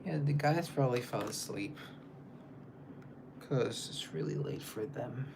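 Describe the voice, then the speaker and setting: The young singer keeps his livestream chat loose, rambling through comments and drifting into quiet asides. He sounds animated yet unhurried at a medium pitch, with background noise audible.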